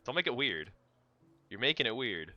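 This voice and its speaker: Sharp-toned, teasing American streamer man. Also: medium pitch, very animated, normal speed, dry recording, dull audio, soft background music. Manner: teasing, joking banter. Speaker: livestreamer. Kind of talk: casual chat while gaming.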